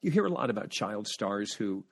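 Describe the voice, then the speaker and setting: A man with a lowish, creaky voice and a breathy edge talks at a moderate pace as a podcast guest. He recounts animated family stories in casual chat, repeatedly restarting sentences as he searches for what to say.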